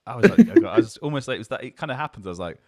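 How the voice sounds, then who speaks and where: A man's voice: mid-range voice, sing-song, rapid-fire, no echo. A young man with a southern English accent, co-hosting a casual podcast chat and telling stories in a loose, rambling way full of fillers. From England. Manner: rambling, loose storytelling with many fillers and restarts. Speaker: podcast co-host.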